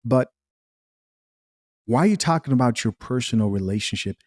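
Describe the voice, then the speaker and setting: A man's voice: mid-range voice, animated, moderate pace. A man giving blunt, judgmental reaction commentary on a clip, repeating words for emphasis.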